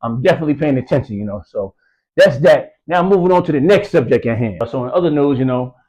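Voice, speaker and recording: Dude from the east coast rattling off boxing takes real fast, tons of fillers and slang. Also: male voice, mid-range voice, lively intonation, darkish tone, muffled recording. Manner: rambling, heavy filler phrases, slang. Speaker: boxing news vlogger. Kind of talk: casual boxing commentary.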